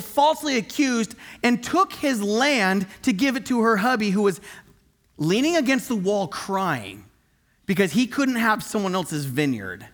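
Animated, lively-pitched male preacher. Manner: animated, conversational, emphatic. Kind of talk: sermon.

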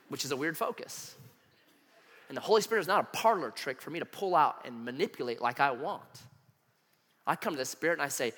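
A man's voice: fairly high pitch, quick pace, big-room sound. A man preaching a sermon, telling personal stories and acting out the voices of the people in them. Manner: animated storyteller, acts out quoted voices. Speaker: pastor.

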